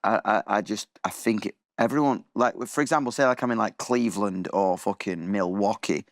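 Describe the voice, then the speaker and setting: A man's voice: fairly low pitch, fairly quick, no room sound. Young man with an English accent, slangy and loose, dry close sound. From England. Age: 20s. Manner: animated, swearing, slangy. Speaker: guest musician. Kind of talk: casual chat.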